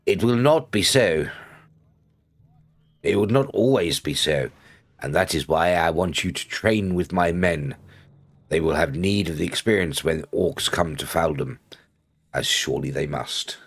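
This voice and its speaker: A man's voice: sits low, creaky, slightly rough, full character voice. A man reading as a grave noble of Rohan. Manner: slow, grave reading of quest text. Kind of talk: reading game quest dialogue aloud.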